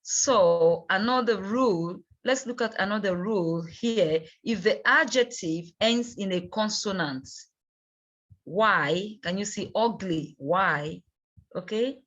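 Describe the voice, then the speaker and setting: A woman teaching English grammar in a bilingual lesson, slow and patient, repeating words and checking in with "okay?". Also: medium pitch, fairly bright tone. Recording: dull lo-fi recording.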